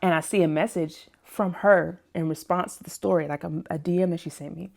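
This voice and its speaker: A woman in her thirties, a personal chef, casually telling a story to her viewers, animated and laughing often. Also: brisk, creaky. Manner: animated, laughs often, acts out other people's lines in a higher voice. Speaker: plant-based personal chef and vlog host.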